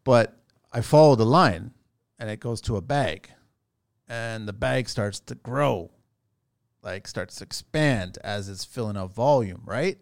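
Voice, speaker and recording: A man hosting a podcast, casually telling a lively story with frequent laughs and loose swearing. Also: fairly low pitch, a little slow, vocal fry. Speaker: podcast host.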